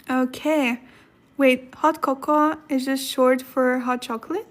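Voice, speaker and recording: A woman who is sick, giving a casual livestream language lesson, thinking aloud, clearing her throat and laughing at herself as she looks things up. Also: high voice, steady tone. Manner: slow careful explanations. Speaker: Korean language teacher on a livestream.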